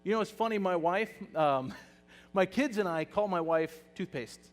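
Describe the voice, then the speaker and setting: A male pastor preaching a sermon, animated and swinging between soft, hushed lines and loud bursts. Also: high voice, moderate pace. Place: church hall. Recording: long hall reverb.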